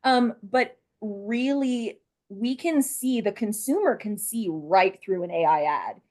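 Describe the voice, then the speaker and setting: A young woman speaking as a guest on a podcast, thoughtful and pausing on fillers. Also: mid-range voice, a little mellow. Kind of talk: casual discussion.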